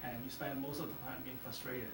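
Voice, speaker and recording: Hypnotist host, calm, probing, coaching, echoey room, distant mic. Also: mid-range voice, fairly quick, creaky. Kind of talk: interview questioning. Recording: roomy, distant mic, noisy background.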